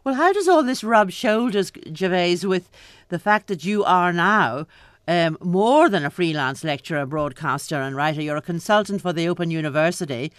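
Woman interviewer, smooth clear voice, short questions, dry close sound. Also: on the low side, lively intonation, no room sound. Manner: brief, measured questions and prompts. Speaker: interview host. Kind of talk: radio-style interview.

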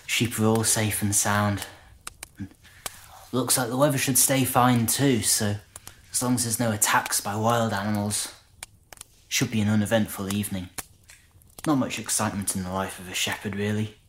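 A man's voice: fairly low pitch, steady tone, normal speed, long pauses, slight background noise, lightly acted. An actor playing a humble male shepherd recalling a night by the fire, in a conversational, hesitant, marvelling way. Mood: reflective. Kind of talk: dramatic monologue.

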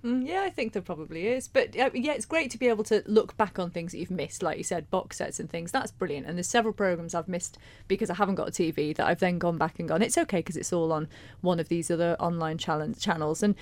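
A woman co-hosting a radio chat show, talking quickly and animatedly, acting out her own thoughts. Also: lowish voice, lively intonation, no room sound. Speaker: radio co-presenter. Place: radio studio.

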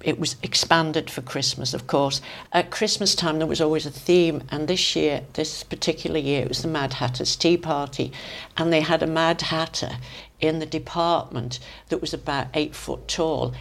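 An older woman with a Manx accent recounts old memories in a chatty, storytelling way. Her voice sits low. She talks in loose, lively asides, like a guest chatting easily. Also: normal speed, vocal fry. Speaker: interview guest. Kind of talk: casual reminiscing anecdotes.

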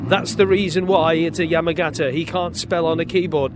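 A man's voice: fairly high pitch, fairly even intonation, fairly quick, noisy background. A man reporting from the paddock at a motorcycle race, interviewing riders in a chatty, jokey way. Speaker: trackside motorcycle racing reporter.

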